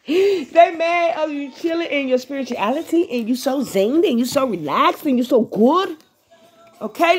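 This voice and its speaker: High, laughing profane woman vlogger. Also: a little slow. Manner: profane, laughing, animated, breaks into song. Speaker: spiritual vlogger. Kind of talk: casual spiritual pep talk to viewers.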